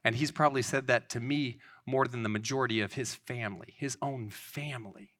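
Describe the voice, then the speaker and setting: Bright-voiced earnest man preaching. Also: medium pitch, fairly quick. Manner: earnest, rambling, with restarts. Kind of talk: informal sermon.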